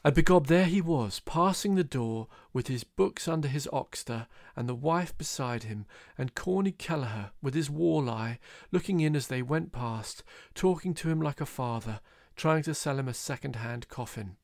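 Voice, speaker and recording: A man's voice: mid-range voice, animated, moderate pace, gravelly, few pauses, no echo, studio quality. Man reading a classic novel aloud. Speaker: audiobook reader. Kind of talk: literary reading with voiced characters.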